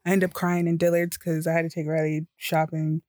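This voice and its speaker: A woman's voice: deep voice, fairly quick, no room sound, studio quality. Laughing, cussing woman telling stories. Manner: animated, profane storytelling with frequent laughter. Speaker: podcast co-host. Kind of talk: casual chat.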